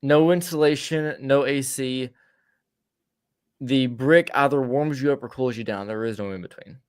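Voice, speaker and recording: A man in casual podcast chat, trailing off and stammering through restarts as he tells a rambling story. His voice sits at an ordinary middle pitch. It is recorded dry and close, with no room sound around it. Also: normal speed, smooth, no room sound. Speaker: podcast co-host.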